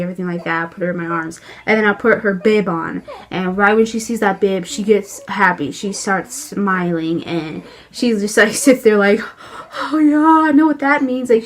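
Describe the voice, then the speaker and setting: Speaking at a medium pitch, a young new mother chats casually to the camera at home while feeding her baby, her talk full of filler words.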